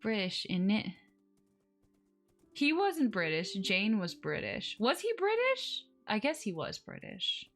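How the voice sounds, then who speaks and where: A woman's voice: mid-range voice, very animated, slow, long pauses, fairly bright tone, faint music behind. A woman live streaming a game, chatting casually with her viewers and coaxing her in-game animals along with little exclamations.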